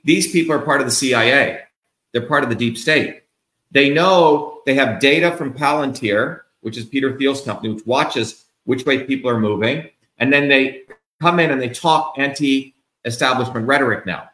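A man's voice: medium pitch, fairly bright tone, roomy sound. A man being interviewed as a political candidate, ranting in a combative, profane, emphatic way. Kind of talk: heated interview rant.

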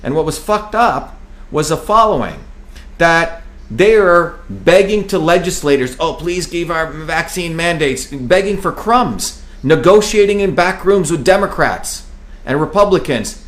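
A man's voice: sits high, animated, unhurried, a bit bright. A man from New Jersey speaking in a heated, emphatic political talk, swearing freely and hammering on repeated phrases.

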